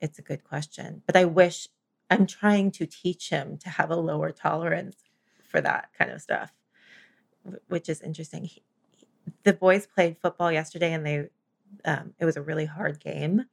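Woman, low gravelly voice, animated storyteller in casual chat. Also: normal speed. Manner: animated storyteller, laughs often.

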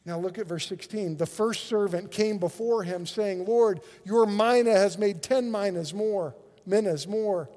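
A male pastor, preaching a sermon with animated energy and frequent word repetitions. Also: high voice, unhurried, few pauses, in a large hall. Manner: animated, repeats words when excited.

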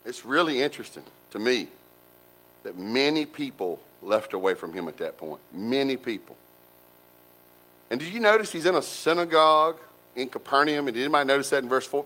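A man preaching a sermon in a folksy, animated way, with colloquial asides to the congregation. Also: medium pitch, fairly quick, poor audio. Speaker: pastor.

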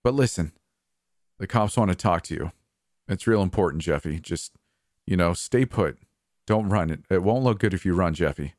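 A man's voice: low-pitched, animated, a little mellow, dry recording, clean studio sound. A man doing a shaken, stern brother on the phone. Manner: trembling, halting, stern.

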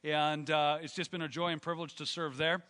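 A man's voice: on the high side, little pitch movement, fairly quick, bright, forceful tone, clear, resonant tone, long reverb tail. A man preaching a sermon as pastor, slightly out of breath, emphatic and rising as he reads scripture aloud in a church. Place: church sanctuary.

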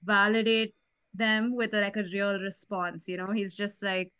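A woman co-hosting a podcast, thinking out loud in casual chat with many "like" fillers. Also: mid-range voice, flat delivery, unhurried, clean tone, no echo. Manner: thoughtful, with many "like" and "you know" fillers. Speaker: podcast co-host.

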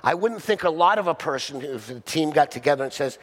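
A male pastor delivers a sermon in a plain, conversational way and keeps asking his listeners rhetorical questions. His voice sits a little high for a man. The sound carries a long reverb, as in a large church hall. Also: lively intonation, fairly quick.

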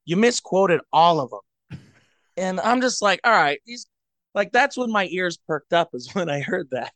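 A man from Cleveland chatting as a podcast co-host, telling a rambling, self-mocking story into a headset boom mic. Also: very animated, moderate pace, fairly bright tone, no echo. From Cleveland, USA. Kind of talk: casual storytelling chat.

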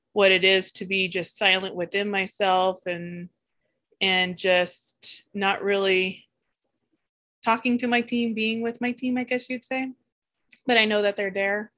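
Halting, candid woman sharing spiritual reflections. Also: medium pitch, fairly bright tone. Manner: halting and searching, frequent restarts; candid, emotionally open. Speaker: spiritual vlogger. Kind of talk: personal spiritual reflection monologue.

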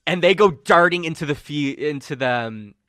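A man's voice: a little high, lively intonation, normal speed, sharp tone, no echo, studio quality. A man acting as game master, narrating a tabletop game casually with many fillers.

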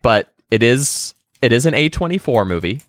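A man co-hosting a podcast chats casually about movies, hesitant and full of fillers. His voice is medium-pitched and expressive at a moderate pace, with a dry, clean studio sound.

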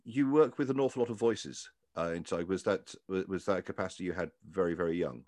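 Deep-voiced, fast-talking male interviewer. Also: darkish tone, dry recording, clean studio sound. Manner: quick, slightly halting questions. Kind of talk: interview questions.

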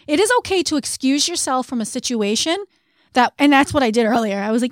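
A woman co-hosting a podcast, explaining coping steps in an earnest, conversational way and slowing down on key phrases. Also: on the high side, no echo, clean studio sound. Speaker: podcast co-host.

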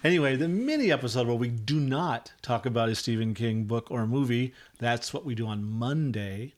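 A male podcast co-host chatting casually with his partner. He jokes easily and talks in quick bursts, breaking off mid-phrase and starting over. His voice sits in an ordinary middle pitch for a man. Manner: joking, talks in quick self-interrupting bursts.

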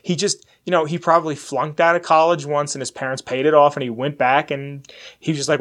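A man's voice: fairly high pitch, flat delivery, fairly quick, fairly bright tone. A man in his twenties hosting a podcast, chatting candidly in a rambling, casually profane way. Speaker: podcast host. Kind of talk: casual chat.

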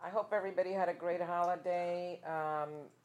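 A woman's voice: on the low side, fairly even intonation, moderate pace, darkish tone. A woman co-hosting a casual political talk show, speaking hesitantly with many fillers. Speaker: co-host.

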